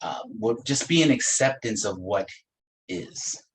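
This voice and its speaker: A low-voiced man speaking as a reverend, gentle and unhurried as he reflects on feelings and healing. He drops in light, playful asides and laughs easily. A faint hum of room noise sits behind his voice. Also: lively intonation, poor audio. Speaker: reverend teaching a spiritual practice. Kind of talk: reflective spiritual talk.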